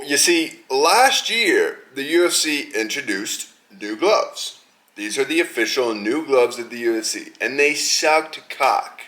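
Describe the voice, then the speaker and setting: A man's voice: medium pitch, sharp tone. A man hosting a podcast, ranting angrily and mockingly, with heavy swearing. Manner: profane, heated, mocking. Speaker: podcast host. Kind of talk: angry rant.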